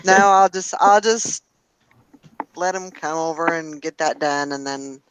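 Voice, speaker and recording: A woman's voice: low-pitched, a little slow, smooth, dull audio. A woman hosting a casual morning chat show, talking in a rambling, self-deprecating way. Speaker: host.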